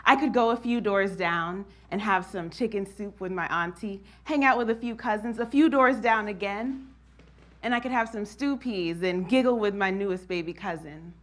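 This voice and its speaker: A woman's voice: medium pitch, moderate pace. A woman from New Jersey performing a spoken-word monologue, telling her story expressively and laughing often. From New Jersey, USA.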